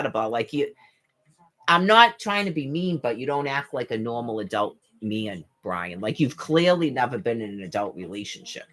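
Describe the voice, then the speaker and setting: This vlogger is exasperated, ranting and rambling directly to camera while cursing and throwing out rhetorical questions. She mimics other people mid-sentence, her pitch leaping from low to high, and she keeps tripping over and restarting her words.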